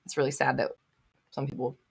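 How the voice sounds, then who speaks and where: A woman's voice: a bass voice, little pitch movement, fairly quick, vocal fry, slight background noise. Blunt, emphatic woman on a live stream. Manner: blunt, emphatic, swears freely, laughs at herself. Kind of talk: casual live-stream chat, reading viewer comments.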